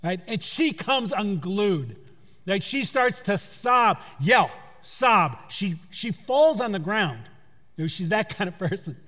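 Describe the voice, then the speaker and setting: A man preaching a sermon through a story, in a conversational way that drops to a hush for emphasis. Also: high-pitched, very animated, slow. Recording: long hall reverb.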